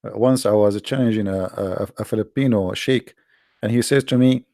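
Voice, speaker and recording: Sarcastic creaky man with Arabic-accented English. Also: on the low side, normal speed, mellow, no room sound, clean studio sound. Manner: sarcastic, mocking. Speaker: livestream host. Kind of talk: casual commentary.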